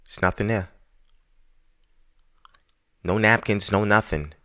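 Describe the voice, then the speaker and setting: A man's voice: lowish voice, slow pace, fairly bright tone. A man hosting a podcast, telling a story in a casual, profane, exasperated rant. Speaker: podcast host.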